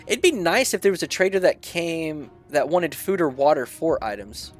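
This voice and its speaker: A man's voice: fairly high pitch, expressive, normal speed, soft background music. A man commenting casually while he plays a game, muttering his choices and reading the event text aloud. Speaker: gameplay video creator.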